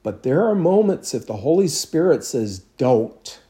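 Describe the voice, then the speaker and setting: A man's voice: on the high side, very animated, normal speed, mellow. A man, a pastor, preaching a sermon in a conversational storytelling way with self-deprecating humor.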